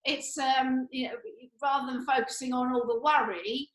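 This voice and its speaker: A woman's voice: high-pitched, fairly even intonation, moderate pace. A woman co-hosting a casual chat, talking in a breezy, upbeat way with lots of fillers. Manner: breezy, upbeat, full of fillers and bursts of laughter. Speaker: co-host. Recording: echoey room.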